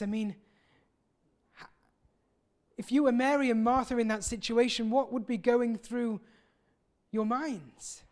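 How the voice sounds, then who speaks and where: A man preaching a sermon, earnest and personal, often pausing and restarting his sentences. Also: very high voice, a little mellow. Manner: earnest, with many pauses and restarts.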